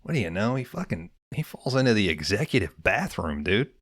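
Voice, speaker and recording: A man's voice: on the low side, big pitch swings, a little fast, a bit bright, no room sound, studio quality. A man co-hosting a movie podcast, casually recapping scenes and swearing freely. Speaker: podcast co-host.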